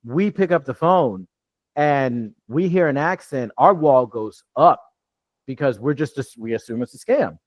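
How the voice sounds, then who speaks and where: A man's voice: medium pitch, expressive, a little slow, no room sound. A man from New York coaching a live online training, talking loosely with many restarts over a video call. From New York, USA. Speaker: real estate deal coach.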